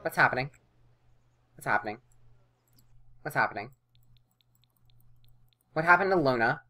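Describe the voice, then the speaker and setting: A woman's voice: a bass voice, lively intonation, measured pace, sharp tone. A woman casually commenting on a life-simulation game she is playing, chatty and playful, sometimes voicing her characters' lines. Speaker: let's play host.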